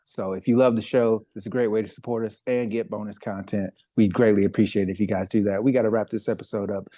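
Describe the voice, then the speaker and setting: A man's voice: lowish voice, fairly even intonation, fast, dark tone, dry recording. A man co-hosting a comedy podcast, chatting casually over a video call and laughing often. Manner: laughs often, reads sponsor plug. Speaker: podcast co-host.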